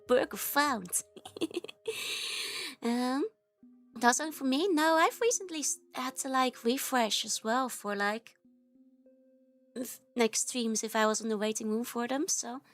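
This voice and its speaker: Giggly high-voiced woman vtuber saying hi to chat, a bit sick still, faint music behind. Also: fairly bright tone. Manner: bubbly, giggly, rapid repeated greetings. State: recovering from a cold, coughing. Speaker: VTuber streamer. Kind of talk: live-stream chat with viewers.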